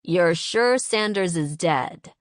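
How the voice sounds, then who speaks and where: A woman's voice: fairly low pitch, animated, slow, dry recording, studio quality. A woman voicing a terse male government spy boss who speaks in curt, impatient orders in an audiobook. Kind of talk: audiobook character voice.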